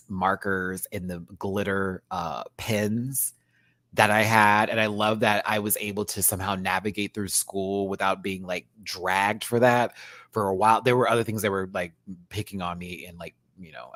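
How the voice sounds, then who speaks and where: A man in his thirties who reviews drag shows chats casually in reaction, telling animated stories about school and the stage. He swears freely, bursts into laughter and squeals, and flips between low asides and high yelps. The audio is dry and close, with no room sound.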